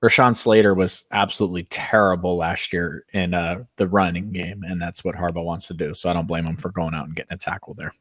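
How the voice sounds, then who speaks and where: Low-voiced opinionated man talking football. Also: fairly even intonation, brisk, hardly any pauses, no echo. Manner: opinionated, hedging, frequent fillers. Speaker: podcast co-host. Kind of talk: casual sports chat.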